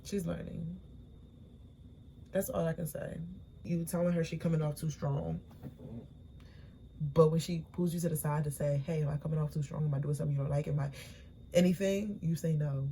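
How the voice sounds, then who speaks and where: A woman's voice: low voice, steady tone, fairly quick, mellow, slight background noise. A young woman, recapping a reality show in chatty, opinionated slang, tired late at night. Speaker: recap vlogger.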